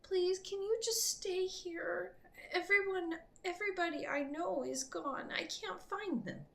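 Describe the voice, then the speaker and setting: A woman reading aloud and voicing a frightened, eager little boy in a storybook, pleading in a high, breathless voice. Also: a little slow, vocal fry, far from the mic, full character voice.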